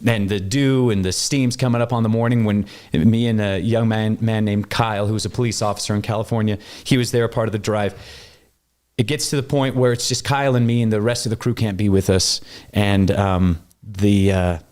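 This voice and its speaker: A man from Wyoming telling a long story in casual conversation, animated and jumping up in pitch when he acts out what people said. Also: brisk. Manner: animated, acts out quoted voices with big pitch jumps. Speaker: guest.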